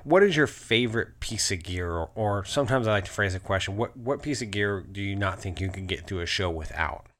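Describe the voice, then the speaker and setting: Brief: male interview host, slightly low voice, loose rambling delivery. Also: expressive, brisk, hardly any pauses, fairly bright tone, slight background noise. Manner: rambling, many fillers and restarts, laughs often. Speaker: podcast host. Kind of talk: casual interview chat.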